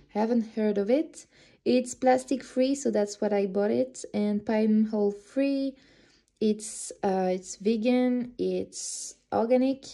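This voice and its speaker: Young woman vlogging, really dark mellow voice, takes her time. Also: mid-range voice. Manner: chatty, slightly halting with restarts. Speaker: travel vlogger. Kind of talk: casual vlog narration.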